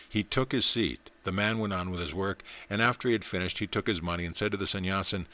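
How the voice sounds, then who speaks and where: Low-voiced man reading aloud, measured. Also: steady tone, sharp tone. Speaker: audiobook reader. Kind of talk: scripted narration.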